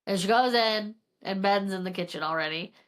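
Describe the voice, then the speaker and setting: A woman's voice: mid-range voice, fairly quick. Chatty woman recapping a book. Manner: rambling, heavy filler use, retells dialogue. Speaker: podcast co-host. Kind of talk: casual book recap chat.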